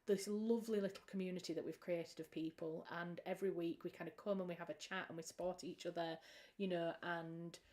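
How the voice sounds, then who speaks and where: A woman's voice: mid-range voice, dark tone. British woman, writer, livestream host, casual chat, chatty, rambling. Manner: chatty and rambling, with frequent restarts and fillers.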